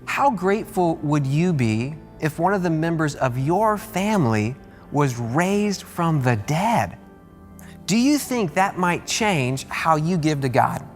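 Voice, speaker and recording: A man preaching a sermon as pastor, emphatic and animated, repeating key words and jumping up in pitch to stress them. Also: takes it slowly. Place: large church auditorium. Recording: long hall reverb with faint music.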